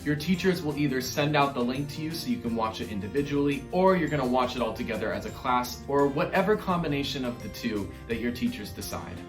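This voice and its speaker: A man teaching an online music lesson to young children, upbeat and encouraging, sometimes demonstrating hoots and squeaky voices. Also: lively intonation, fast talker, few pauses, reverberant.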